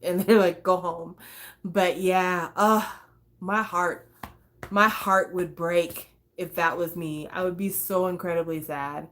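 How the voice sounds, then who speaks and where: A woman's voice: fairly low pitch, fairly even intonation, slow, fairly bright tone. A woman hosting a casual talk stream, chatty and swearing, breaking into snatches of songs. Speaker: host. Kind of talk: casual chat.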